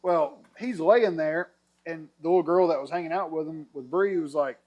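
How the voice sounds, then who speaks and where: Guy spinning a yarn on a podcast, kinda high voice, does all the voices, laughs a lot. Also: moderate pace. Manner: animated storyteller, acts out quotes, laughs a lot. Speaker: podcast guest telling a story. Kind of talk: casual storytelling over drinks.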